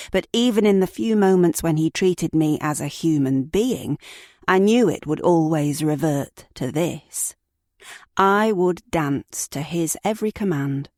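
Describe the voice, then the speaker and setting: A woman narrating a first-person true crime audiobook in a slow, measured, sombre reading on a close mic. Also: on the low side, darkish tone, dry recording.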